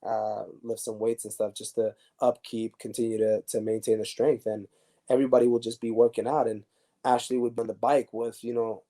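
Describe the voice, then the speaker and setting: A man in a casual interview, telling stories about his playing days. His voice is mellow and sits at an ordinary pitch. He talks in an animated way, with frequent restarts and fillers. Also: brisk. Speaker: former pro soccer defender, guest.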